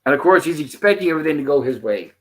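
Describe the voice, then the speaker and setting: A man's voice: on the high side, animated, racing. A man hosting a casual show, retelling scenes and quoting the characters' lines. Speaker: host. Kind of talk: casual episode commentary.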